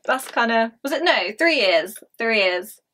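A woman's voice: a little high, animated, measured pace, a bit bright. A young woman hosting a casual couple vlog, chatty and teasing, laughing often. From England. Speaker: YouTuber host.

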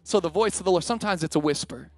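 A male pastor giving an energetic sermon to his congregation, his voice climbing until he is nearly yelling. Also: high voice, rapid-fire, no echo. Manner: energetic preaching that rises to near-yelling. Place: church sanctuary with congregation.

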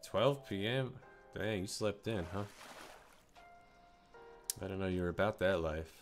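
A man voicing a gruff country fisherman with a put-on American country accent, drawling folksy talk on a live stream. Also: low-pitched, unhurried, faint music behind. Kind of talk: live stream role-play.

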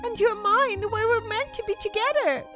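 A woman's voice: very high voice, moderate pace, over loud music. A woman voicing an unhinged, possessive young woman who stalks the man she loves, sliding from creeping menace into pleading, in a Minecraft role-play. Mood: desperate pleading.

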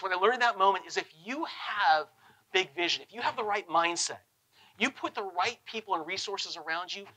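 A man giving a motivational keynote on stage, telling stories in a punchy, animated way. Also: high-pitched, rough recording. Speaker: keynote speaker. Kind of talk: motivational storytelling talk. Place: conference stage.

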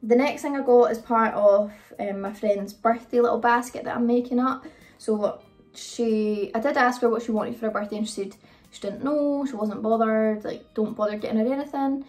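A British woman talks through her shopping haul in a loose, rambling way, full of ums and asides. Her voice sits a touch high and is picked up from a little distance, with faint music playing underneath. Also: steady tone, normal speed, a little mellow. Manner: chatty, rambling, frequent ums. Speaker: vlogger. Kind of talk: casual haul video chat. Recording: voice a bit far from the mic, faint music.

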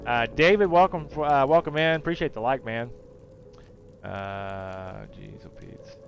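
A man's voice: medium pitch, unhurried, vocal fry, highs cut off, music in the background. Male gaming streamer with a mid-range voice, chatty and joking, muttering game moves. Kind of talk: live gameplay commentary.

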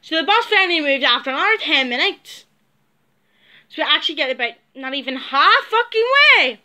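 A young woman tells a story to her vlog viewers in a high, bright voice. She talks bluntly and swears a lot. She often sinks into low, muttered asides. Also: lively intonation, fairly quick. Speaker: vlogger. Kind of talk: casual storytelling.

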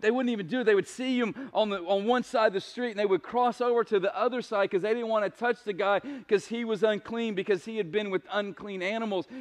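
Man, pastor, sermon, high-pitched, conversational, animated, rhetorical questions. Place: church sanctuary.

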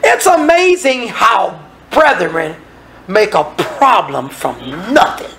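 A man's voice: high voice, huge pitch swings, slow pace, creaky, bright, forceful tone, poor audio. A man preaching a sermon in a folksy, conversational way, acting out the people in the scripture and making asides to the congregation.

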